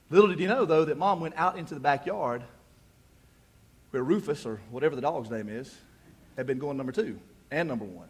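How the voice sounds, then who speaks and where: Husky folksy pastor in his thirties. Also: fairly high pitch. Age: 30s. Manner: folksy, conversational, self-deprecating asides. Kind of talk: sermon. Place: church.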